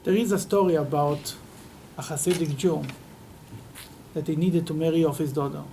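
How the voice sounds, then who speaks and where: High, gravelly-voiced rabbi telling a story. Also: male voice, normal speed, slight background noise, rough recording. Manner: animated storyteller with Yiddish and Hebrew words. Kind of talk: weekly Torah class, storytelling.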